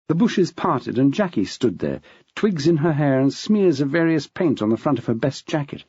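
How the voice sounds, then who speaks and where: A man narrating an audiobook in a measured, expressive reading style. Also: on the high side, slightly rough, no room sound. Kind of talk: scripted narration. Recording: dull, dry.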